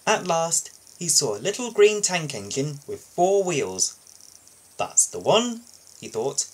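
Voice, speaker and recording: A man reading a children's storybook aloud as a video host, steady with small slips and restarts. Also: on the high side, unhurried.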